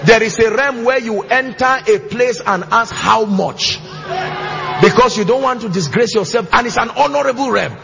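A pastor preaching to his church, emphatic and sing-song, with shouted bursts and call-and-response questions. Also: very high-pitched, normal speed, vocal fry, a little hiss or hum. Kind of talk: sermon. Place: church auditorium with congregation. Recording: slightly muffled church recording, faint music.

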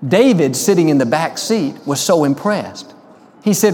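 A man preaching a sermon, telling stories and slowing down to stress key lines. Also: on the high side, animated, a little mellow, long reverb tail. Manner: storytelling, slows for emphasis. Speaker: pastor.

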